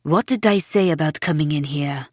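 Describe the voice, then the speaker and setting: A woman's voice: low voice, normal speed, dry recording, clean studio sound. A woman voicing a stern, angry mother who scolds harshly in an audiobook. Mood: furious. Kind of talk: audiobook narration.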